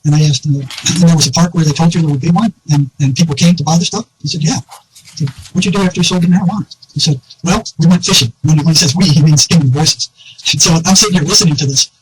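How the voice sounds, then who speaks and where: A quick-talking man recounting an anecdote in a relaxed online conversation. His voice sits a little higher than most men's, and the words come fast. Faint background noise runs under the recording. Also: low-quality recording. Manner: animated anecdote teller, quotes others, laughs often. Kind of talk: casual storytelling conversation.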